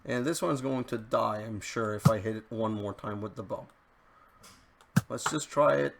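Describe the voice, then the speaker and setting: Gravelly man narrating his gameplay. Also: lowish voice, moderate pace, heavy background noise. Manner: chatty, easily frustrated, talks to the game. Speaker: let's play host. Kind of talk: gameplay commentary.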